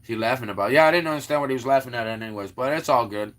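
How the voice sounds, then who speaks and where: Racing along in a medium-pitched, somewhat bright voice, this Florida livestream host keeps things casual. He rambles, restarting often and using many fillers, as he says hello to chat viewers and teases them.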